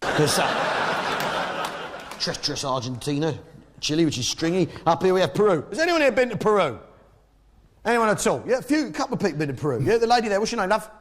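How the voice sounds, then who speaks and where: On stage, a British man bantering with the crowd runs a brash, blustering comedy routine. His voice is on the high side, his intonation lively, and his pace fast.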